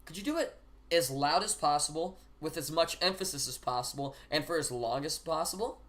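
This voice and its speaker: A man streamer bantering casually on a live stream, making teasing deadpan requests with occasional laughing asides. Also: a little high, brisk.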